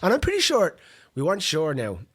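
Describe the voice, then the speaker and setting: A man's voice: high voice, wildly swooping pitch, brisk, a bit bright, husky. An Irish man co-hosting a podcast, chatting casually and laughing often. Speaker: podcast co-host. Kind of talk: casual chat.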